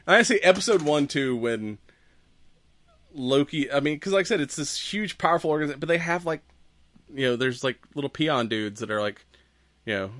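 Bright, rambling podcast guy. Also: a little high, expressive, moderate pace, long pauses, no echo. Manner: rambling, profane, laughs often. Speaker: podcast co-host. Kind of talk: casual chat.

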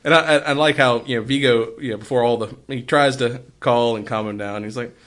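A man in casual chat, rambling through a movie plot with many fillers and quick acted-out quotes. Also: medium pitch, steady tone, a bit bright. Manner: rambling, retells scenes with quick put-on voices.

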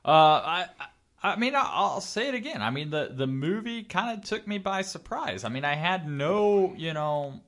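A man's voice: high-pitched, lively intonation, moderate pace, fairly bright tone. A man in casual chat, hesitant and full of "I mean" and "you know".

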